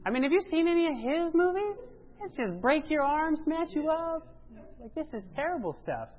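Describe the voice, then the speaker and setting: A woman giving a sermon-style church presentation, emphatic, rising to loud exclamations and dropping low. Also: big pitch swings, moderate pace, slight background noise. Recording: dull lo-fi sound.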